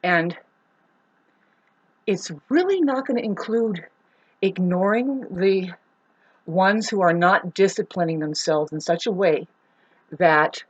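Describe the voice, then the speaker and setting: A woman's voice: lowish voice, slow pace, long pauses, muffled recording. A woman delivering a rambling spiritual monologue from home, swearing and breaking into emphatic outbursts. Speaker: spiritual astrology vlogger.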